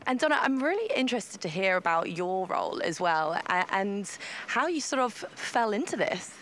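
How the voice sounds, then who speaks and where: A woman reporter with a lively, animated voice that swings up and down as she asks her questions. Her manner is friendly and polished, like a broadcast presenter. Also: medium pitch, normal speed, slight background noise. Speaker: sports reporter interviewing a guest. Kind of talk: upbeat broadcast interview.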